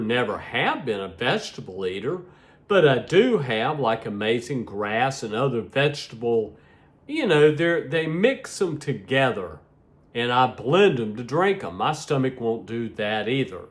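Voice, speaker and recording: A man's voice: medium pitch, very animated, normal speed. A middle-aged man rambling to his viewers in a casual vlog, sleepy and yawning, often repeating himself. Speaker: vlogger.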